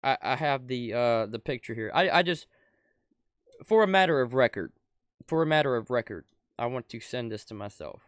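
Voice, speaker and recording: A young adult man giving an angry, profane political rant as a commentator, swinging from shouted outbursts to low muttering. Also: expressive, moderate pace, dry recording, studio quality.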